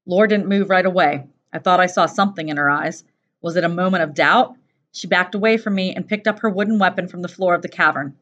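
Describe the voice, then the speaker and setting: A woman teacher reading a first-person novel aloud in a steady, plain storytelling voice. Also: lowish voice, a little fast. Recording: dull lo-fi recording.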